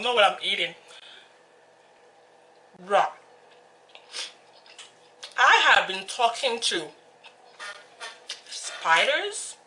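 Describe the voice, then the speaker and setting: A woman's voice: medium pitch, pushed and bright, a little hiss or hum. A young Nigerian woman hosting an eating show, chatting in a hyper, playful way and slipping into song and Yoruba asides. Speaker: mukbang host. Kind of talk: casual eating-show chat.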